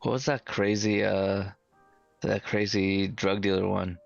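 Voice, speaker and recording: A man chatting casually on a stream, upbeat and quick to laugh. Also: fairly low pitch, level tone, creaky, dry recording, soft background music. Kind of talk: casual group chat. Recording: dry, muffled stream audio.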